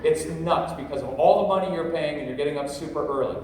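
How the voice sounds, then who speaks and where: A middle-aged man with a slightly high, fast voice jokes his way through a rambling parenting workshop, talking straight to the crowd. The recording is distant and echoey, from a large convention hall with faint noise.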